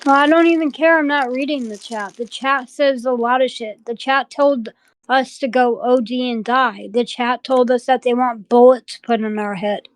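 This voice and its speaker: A woman's voice: fairly high pitch, fairly even intonation, normal speed, no echo. A woman co-hosting an online voice call, answering accusations defensively and curtly, with swearing. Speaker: co-host of the chat server. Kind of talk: heated group voice call.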